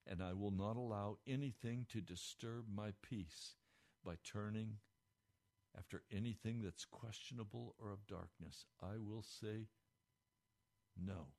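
A man giving a radio devotional, speaking fervently, his pitch climbing when moved, recorded in a radio studio. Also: measured pace, creaky, darkish tone. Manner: fervent, rising pitch with emotion. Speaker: radio preacher.

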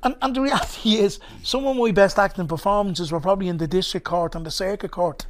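Dublin man, high-pitched, chatty guest with a rambling, candid way of telling a story. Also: quick pace, a little hiss or hum. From Ireland. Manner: rambling, frank, peppered with "do you know what I mean". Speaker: guest, actor and comedian. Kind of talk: casual storytelling chat.

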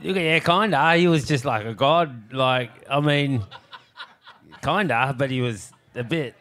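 A man's voice: mid-range voice, unhurried, a bit bright, slight background noise. A man chatting in a laid-back, hesitant way. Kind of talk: casual chat.

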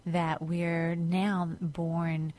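A woman co-hosting a Bible talk show, conversational and quick to affirm. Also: on the low side, level tone, mellow. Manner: frequent affirming murmurs, conversational. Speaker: co-host. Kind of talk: unscripted Bible discussion.

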